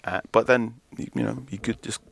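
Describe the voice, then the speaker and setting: A man co-hosting a football podcast, joking in quick, rambling asides. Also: medium pitch, steady tone, gravelly, fairly bright tone, no room sound. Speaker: podcast co-host. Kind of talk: casual sports chat.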